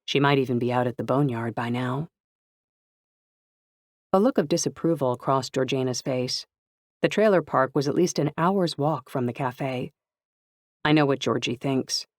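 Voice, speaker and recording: A woman narrating a first-person novel in an even, clear storytelling voice. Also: extremely low pitch, moderate pace, dry recording, studio quality. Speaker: audiobook narrator.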